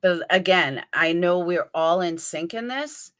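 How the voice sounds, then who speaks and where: A woman's voice: lowish voice, expressive, measured pace, fairly bright tone. A woman with a New York accent hosting a livestream, chatting casually and answering her viewers' comments by name as she thinks aloud. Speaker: livestream host. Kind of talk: live chat commentary.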